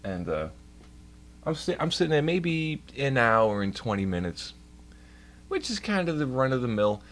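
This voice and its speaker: A man's voice: mid-range voice, sing-song, moderate pace. A young man streaming live from home at his computer, telling a long, profane, complaining story to his chat. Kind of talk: casual rambling rant to a stream chat.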